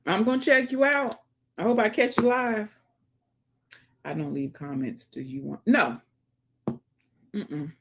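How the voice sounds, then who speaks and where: A woman's voice: mid-range voice, slight background noise. A woman hosting a casual livestream, greeting viewers by name and chatting as she reads the comments. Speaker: livestream host.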